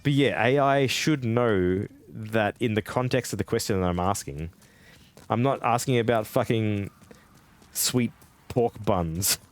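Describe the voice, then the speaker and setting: An Australian man streams a game and chats casually with viewers in a fairly low, unhurried voice. He rambles, laughs often, and swears freely as he plays.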